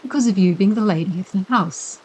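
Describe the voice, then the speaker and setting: A woman's voice: mid-range voice, a little fast, husky, lightly acted, low-quality recording. A woman reading the part of a charming schoolboy who talks very politely and earnestly.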